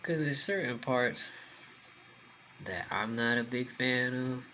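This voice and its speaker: A young man talks to the camera between bites in a loose, rambling way, often with food in his mouth. His voice has a bright, forward edge. A faint room hum sits behind him. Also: medium pitch, slow, rough recording. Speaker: mukbang vlogger. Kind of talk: casual chat to camera while eating.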